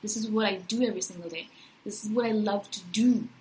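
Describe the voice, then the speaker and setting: A woman in her thirties giving a casual personal monologue as a podcast host, enthusiastic and animated, often tagging her points with "right?". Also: medium pitch, fast, a little hiss or hum, poor audio. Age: 30s.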